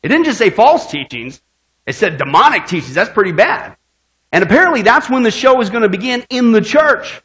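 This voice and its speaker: A man's voice: sits high, very animated, brisk, a bit bright. A male pastor preaching a sermon, cracking jokes and quizzing his congregation with call-and-response questions.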